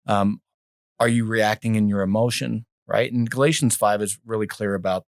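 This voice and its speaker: Low-voiced host in a measured, teaching tone. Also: male voice, steady tone, dry recording, clean studio sound. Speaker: podcast host. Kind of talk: podcast conversation with scripture references.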